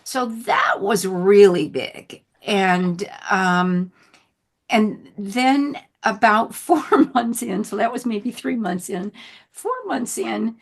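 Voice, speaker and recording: A woman with a mid-range voice and a gravelly edge, sharing her own story as a guest in conversation. She is animated, laughs often, and drops soft and quiet when she gets moved. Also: medium pitch, takes it slowly.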